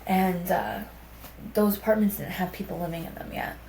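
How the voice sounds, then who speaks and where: Gravelly young woman, candid and raw. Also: fairly low pitch, steady tone, normal speed, a little mellow. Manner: candid and raw, with casual swearing. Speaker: podcast guest. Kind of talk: personal storytelling conversation. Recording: echoey room with faint background hum.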